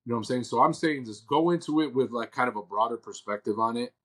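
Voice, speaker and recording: A man's voice: medium pitch, fast, fairly bright tone, slightly rough. A man co-hosting a paranormal podcast, talking in a laid-back, casual way full of fillers. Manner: laid-back, uses filler like "dude" and "you know". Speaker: podcast co-host. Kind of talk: casual chat.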